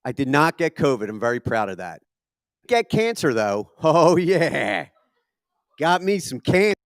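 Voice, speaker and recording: On the high side and very animated, this man's voice keeps a measured pace in a dry, clean studio-sounding recording. He's a Philadelphia-accented comic in his thirties doing stand-up for a live comedy-venue audience. The material is self-deprecating and profane, with punchy delivery and frequent swearing.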